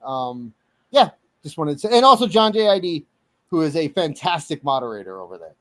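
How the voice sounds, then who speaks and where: A man chatting as a livestream panelist, rambling and halting but easygoing. His voice is fairly high for a man. The recording is dry and close to the mic. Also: sing-song, a bit bright, dry recording. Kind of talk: casual livestream chat.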